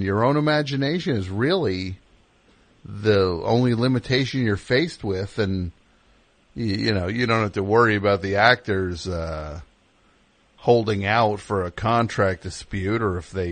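A man's voice: fairly low pitch, no echo. A man putting on the voice of a pompous, pontificating animation pundit. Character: pompous self-important male animation pundit.

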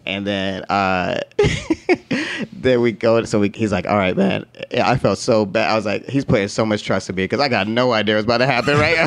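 Animated man telling a story. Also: lowish voice, moderate pace. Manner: animated, laughs often, acts out quotes; profane slang-heavy talk. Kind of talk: casual storytelling.

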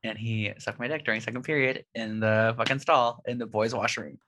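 A man's voice: medium pitch, steady tone, brisk, bright, forceful tone. A young man from Canada telling a rambling story in casual chat, with lots of "like". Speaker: guest.

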